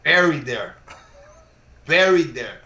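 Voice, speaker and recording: Slightly high-voiced chuckling co-host. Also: male voice, sing-song, slow pace, pushed and bright. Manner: chuckling, trades anecdotes in English and Spanish. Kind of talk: casual chat. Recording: echoey room, dull lo-fi sound.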